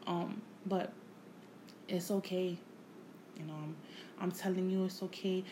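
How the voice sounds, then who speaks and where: A woman hosting her own podcast, talking without a script in a reflective, halting way, repeating phrases and swearing casually. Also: on the low side, steady tone, mellow, slight background noise, low-quality recording. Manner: emotional, candid, casual swearing. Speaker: podcast host. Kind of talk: unscripted personal monologue.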